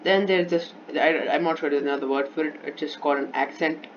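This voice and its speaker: A man's voice: fairly high pitch, steady tone, brisk, slight background noise. A man teaching a music theory lesson off the cuff, often restarting and repeating himself while he demonstrates. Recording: dull lo-fi recording with instrument playing.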